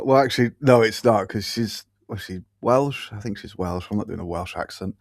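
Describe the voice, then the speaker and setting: A man's voice: fairly low pitch, moderate pace, few pauses, no echo. A man co-hosting a casual podcast chat, laid-back and dry, swearing casually. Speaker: podcast co-host.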